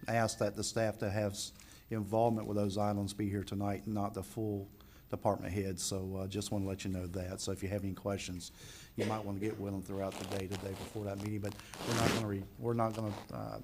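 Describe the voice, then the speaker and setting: A man's voice: fairly low pitch, background noise. A man at a county meeting giving staff reminders in a plain, matter-of-fact way. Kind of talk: meeting remarks.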